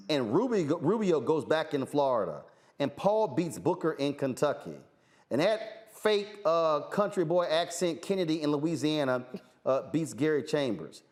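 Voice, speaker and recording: A man's voice: fairly high pitch, a little mellow. A man hosting a political talk show, speaking, emphatic and repetitive, preaching at his viewers. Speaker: show host. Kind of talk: fiery political commentary.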